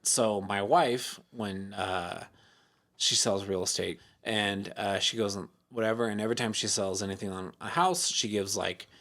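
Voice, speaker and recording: A man's voice: fairly low pitch, steady tone, normal speed, fairly bright tone. A man telling a long story as a podcast guest in casual chat, rambling with many fillers, laughing often and acting out the lines people said to him. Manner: acts out quoted lines in his story.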